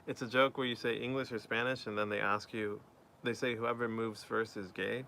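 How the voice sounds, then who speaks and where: A man's voice: fairly low pitch, flat delivery, normal speed, gravelly, bright, forceful tone, slight background noise. A man chatting casually on a live stream, reading out viewer messages and answering them.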